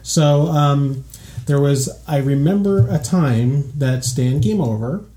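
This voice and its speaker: A man's voice: on the high side, slow pace, mellow. A man hosting a relationship podcast, joking and bantering playfully with his co-host. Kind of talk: casual chat.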